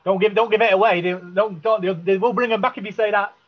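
A man with a high voice runs a casual interview, firing off quick questions and short, upbeat reactions. The recording sounds muffled and lo-fi. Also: fairly even intonation, no room sound. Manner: brief, upbeat prompts.

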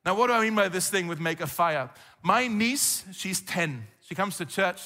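A man preaching a conversational sermon as a pastor, animated, with frequent rhetorical questions to the congregation. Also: high voice, normal speed, big-room sound. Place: church hall.

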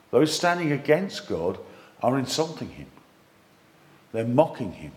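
A man delivers a sermon in a fairly high voice, reading scripture with strong emphasis. He breaks off into quick, jokey asides and plain talk to the congregation. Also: big pitch swings. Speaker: preacher.

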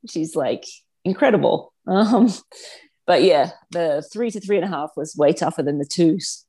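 A woman in her thirties speaks as a podcast guest, her voice sitting a little low. She talks in a relaxed, candid way, with plenty of fillers and restarts. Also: normal speed, husky. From Australia. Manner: chatty, frank, many "like" fillers. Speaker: guest, professional triathlete and mother. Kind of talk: casual podcast conversation.

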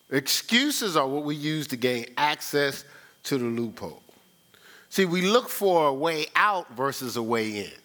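A man's voice: fairly high pitch, sharp tone. A man preaching a conversational sermon, talking with the congregation, asking rhetorical questions and repeating his key lines. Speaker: pastor.

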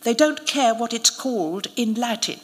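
A woman's voice: a little high, expressive, normal speed, voice pushed up, natural voice. A woman voicing a scornful young girl who taunts in a dry, merciless way. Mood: taunting. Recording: reverberant hall at a live reading.

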